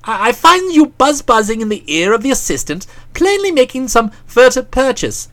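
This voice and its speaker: A woman reading an audiobook who voices a breezy, chatty young English gentleman in a bright, jaunty manner. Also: on the high side, very animated, moderate pace, voice pushed up. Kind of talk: audiobook character voice.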